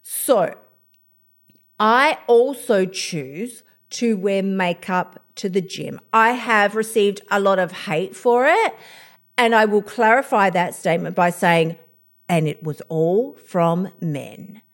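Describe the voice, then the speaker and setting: A woman's voice: mid-range voice, slow. A woman hosting a motivational podcast, blunt and fired up, swearing freely as she talks about her routine. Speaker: podcast host.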